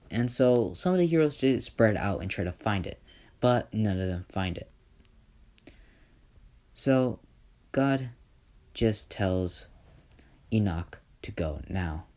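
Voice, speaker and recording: Slow, low-voiced casual male storyteller. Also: lively intonation, a little mellow. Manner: rambling, leans on "just", self-corrects. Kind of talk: casual improvised fan-story narration.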